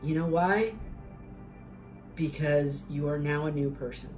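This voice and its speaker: A woman's voice: sits low, unhurried, music in the background, poor audio. A woman giving an earnest, emphatic tarot reading, repeating herself and swearing for emphasis. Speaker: tarot reader. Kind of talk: spoken tarot reading, motivational.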